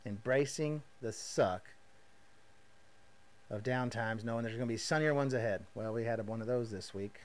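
A man's voice: mid-range voice, normal speed. Folksy rodeo man telling stories. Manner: folksy, energetic storytelling with frequent asides. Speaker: podcast host. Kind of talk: casual monologue.

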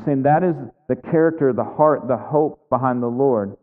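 A man's voice: mid-range voice, normal speed. Earnest male pastor preaching in a reverberant hall. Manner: earnest preaching, rising to fervent emphasis. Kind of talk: sermon. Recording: phone-like sound with long hall reverb.

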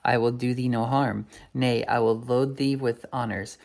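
A man's voice: mid-range voice, fairly even intonation, moderate pace, creaky, a little mellow, natural voice. A man reading aloud as a lustful, pompous ancient king who speaks in archaic, self-important phrases.

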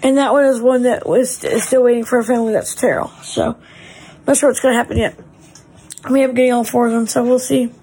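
A woman's voice: a little high, fairly even intonation, fast talker, warm tone, husky, rough recording. A middle-aged woman, chatting in a gushing way as a mother vlogging from her family home. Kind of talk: casual home vlog.

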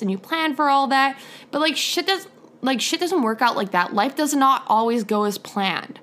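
A woman's voice: a little high, lively intonation, a little slow, a bit bright. A young woman hosting her own podcast, ranting bluntly and heatedly, swearing in nearly every sentence. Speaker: podcast host. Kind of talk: profane solo podcast rant.

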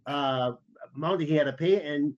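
A man's voice: on the high side, normal speed, lo-fi sound. A man co-hosting a podcast, telling anecdotes casually and animatedly, acting out the other people's voices. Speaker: podcast co-host. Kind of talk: casual storytelling chat.

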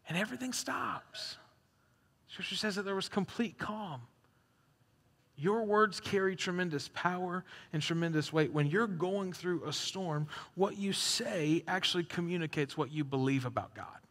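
A young adult man preaching a sermon as a pastor, animated, dropping to a hush and rising loud, acting out the quotes he reads. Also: a little high. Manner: animated, swings from hushed to loud, acts out quotes. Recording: echoey hall reverb.

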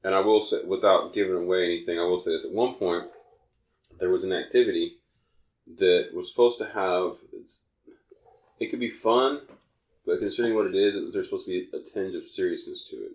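Low-voiced guy on a podcast, chatty and rambly, kinda echoey room. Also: brisk. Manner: rambling, self-correcting storyteller. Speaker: podcast co-host. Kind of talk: casual podcast chat.

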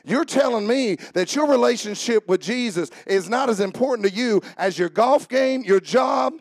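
A man preaching a sermon as pastor, building up to shouting and dropping into mock-calm voices for jokes. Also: very high-pitched, normal speed, no echo.

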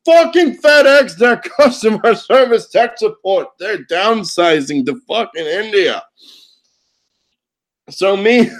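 A man delivering a profane comedic rant, loud and indignant, cursing constantly and laughing at his own lines. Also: high voice.

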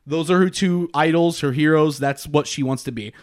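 A man's voice: fairly high pitch, moderate pace, darkish tone. A young man co-hosting a podcast, chatting casually in a rambling way, with lots of "like", swearing and laughter. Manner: rambling, heavy use of "like", swears and laughs often. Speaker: podcast co-host. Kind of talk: casual chat.

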